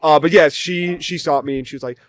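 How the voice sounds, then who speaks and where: A man's voice: fairly high pitch, fairly even intonation, a little fast, no echo. A young man co-hosting a podcast, telling rambling stories in casual chat and swearing often. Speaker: podcast co-host.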